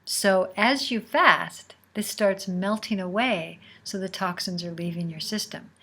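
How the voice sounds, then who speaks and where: A woman host telling a personal story in a casual, unhurried way, sometimes dropping to a near whisper. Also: mid-range voice, sharp tone, slightly rough. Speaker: podcast host.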